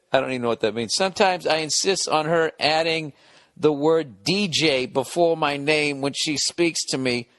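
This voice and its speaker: A man's voice: fairly high pitch, moderate pace, fairly bright tone, no room sound. A man hosting a podcast, reading listener letters aloud and breaking in with blunt, profane comic riffs in a casual monologue.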